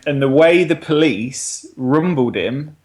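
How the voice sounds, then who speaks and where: A man's voice: on the high side, lively intonation, slow pace, darkish tone. A man co-hosting a podcast, talking casually about films, swearing, laughing and acting out lines. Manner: sweary, laughing, acts out quoted dialogue. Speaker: podcast co-host. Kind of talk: casual film review chat.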